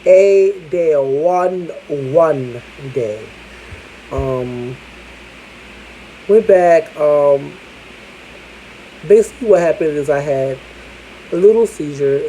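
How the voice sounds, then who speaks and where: Brief: candid storytelling vlogger, middle pitch, mellow, swears casually. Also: takes it slowly, pauses often, slight background noise, rough recording. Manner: candid, chatty, profane.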